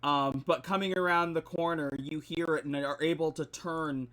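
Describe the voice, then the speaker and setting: A man narrating a tabletop game as its game master, with a voice a touch higher than most men. He keeps it chatty and laughs easily between descriptions, all on a desk mic over voice chat. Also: fairly even intonation, normal speed, few pauses, a bit bright.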